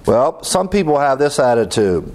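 Middle-aged man preaching to a class, mid-pitched, earnest, leans on repetition. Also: very animated, normal speed, a little mellow. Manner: earnest, emphatic, repeats key phrases. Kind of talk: sermon-style teaching.

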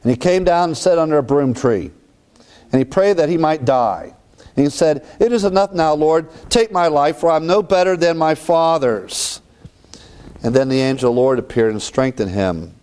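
A man preaching a sermon, reading scripture and swinging between raised lines and hushed ones. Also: medium pitch.

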